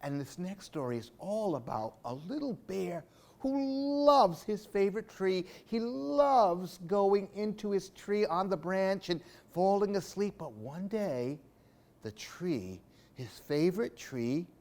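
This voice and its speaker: A man's voice: high voice, lively intonation, slow, darkish tone. A man reading picture books aloud for children, with playful asides to young listeners. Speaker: library storytime reader.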